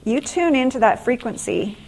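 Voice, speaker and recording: A middle-aged woman, an author giving a faith-based class talk, telling stories in an earnest, animated way. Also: high voice, normal speed. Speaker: conference speaker and author.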